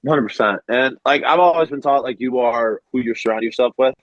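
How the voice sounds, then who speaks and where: A baseball pitcher in his twenties, appearing as a guest in a casual interview, speaks earnestly and from the heart, using "like" a lot as filler. His mid-range voice is brisk, and the recording is muffled but has no echo.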